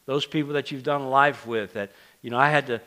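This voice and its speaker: Bright-voiced man preaching a casual sermon. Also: medium pitch, fairly even intonation, brisk. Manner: conversational, self-deprecating, frequent restarts and asides to the congregation. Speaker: pastor. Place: church sanctuary.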